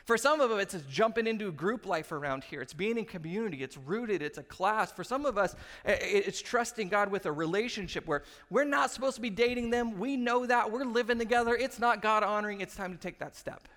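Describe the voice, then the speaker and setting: A male pastor in his thirties delivering a sermon with a fairly high voice. He tells stories with animation and acts out the quotes. The sound carries the long reverb of a large church hall. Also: animated, a little fast, few pauses, a bit bright.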